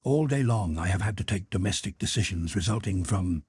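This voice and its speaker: A man voicing a broken, husky nobleman. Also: sits low, expressive, darkish tone, no room sound, clean studio sound, full character voice. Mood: distraught. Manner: halting, self-pitying, anguished. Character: grieving, humiliated nobleman, middle-aged man. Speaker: character in audiobook.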